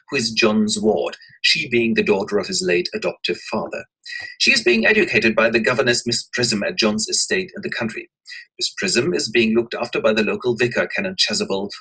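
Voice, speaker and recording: A man retells a play in an expressive, animated narration, as if teaching a lesson. His voice is bright and husky, and its pitch moves a lot. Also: low-quality recording. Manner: lively and expressive.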